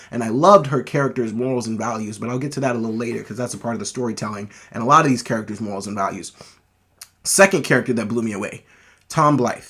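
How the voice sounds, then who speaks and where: A man's voice: medium pitch, fairly bright tone, slightly rough. A man giving a casual, enthusiastic movie review, talking loosely with frequent restarts and self-corrections.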